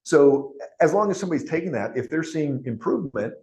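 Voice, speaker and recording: A man's voice: a little high, expressive, a little fast, darkish tone. A man, a doctor guest on a podcast interview, explaining things conversationally and chuckling between his points. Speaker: functional medicine doctor, guest.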